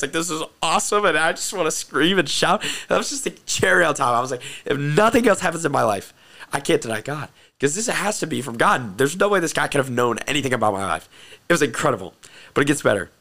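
A young man earnestly telling a personal testimony story, excitable and repeating phrases for emphasis. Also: mid-range voice. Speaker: host telling his testimony.

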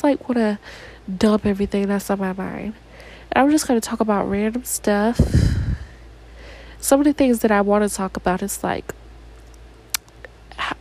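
A woman's voice: a little high, creaky, a little mellow, low-quality recording. Chatty young woman with an American accent. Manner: rambling, chatty, heavy use of "like". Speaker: podcast host. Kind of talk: casual solo podcast chat.

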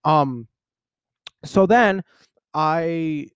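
A man in his twenties hosting a podcast, telling a personal story in a casual, animated, rambling way with lots of fillers. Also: fairly high pitch, extremely slow, clear, resonant tone, no room sound, studio quality. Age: 20s. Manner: animated, rambling, heavy use of "like". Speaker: podcast host.

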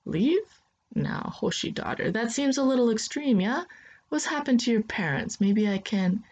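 Woman doing a doubtful old uncle, kinda husky, asks lots of questions. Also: fairly high pitch, expressive, normal speed, a little mellow, highs cut off, voice pushed up. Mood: skeptical. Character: bent old man, mildly irritated uncle.

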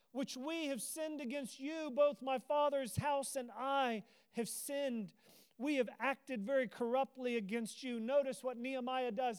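A man's voice: extremely high pitch, darkish tone, clear, resonant tone. A man preaching an impassioned, earnest sermon, his voice rising into emotional cries, at times teary. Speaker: pastor.

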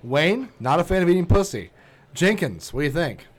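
A man's voice: fairly high pitch, very animated, normal speed. A man co-hosting a podcast, joking crudely and reading a news story aloud with mocking asides. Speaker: podcast co-host. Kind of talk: casual chat.

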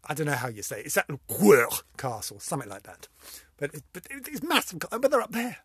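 Giggly older woman with a husky voice. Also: low voice, wildly swooping pitch, fairly quick, no echo, studio quality. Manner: giggly, laughs at her own jokes, self-mocking. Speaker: vlog host. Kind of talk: casual monologue telling jokes.

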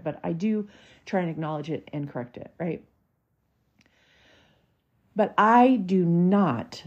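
A woman's voice: deep voice, mellow, husky, muffled recording. A woman, hosting a podcast and telling a personal story in a candid, emotional, chatty way. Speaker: podcast host. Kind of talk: casual storytelling monologue.

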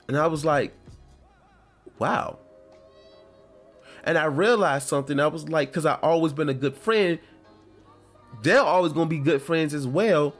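A man's voice: on the high side, moderate pace, pauses often, faint music behind. A man hosting his own show, talking in a casual, rambling and heartfelt way from home. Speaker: podcast host. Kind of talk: casual solo talk.

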